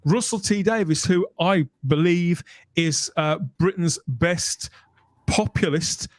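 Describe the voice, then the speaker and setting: A man's voice: sits high, slow pace, no room sound. A man hosting a live panel show, chatting casually and laughing often. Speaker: host. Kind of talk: casual chat.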